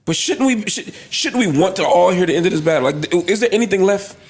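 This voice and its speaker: A man's voice: high voice, lively intonation, quick pace. A man co-hosting a podcast, talking in casual banter with a wry, teasing manner. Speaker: podcast co-host.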